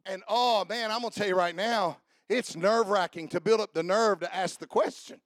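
Preacher, male, high voice, dry close sound, shouts at the peaks, folksy storytelling. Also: normal speed, no room sound. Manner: shouting, building to fervent climaxes; storytelling, humorous asides. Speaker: pastor. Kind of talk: sermon.

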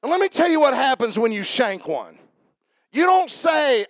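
A man's voice: extremely high pitch, big pitch swings, normal speed, dry recording. A man preaching a sermon to his congregation, joking and repeating himself as he talks to people in the room by name. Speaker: pastor.

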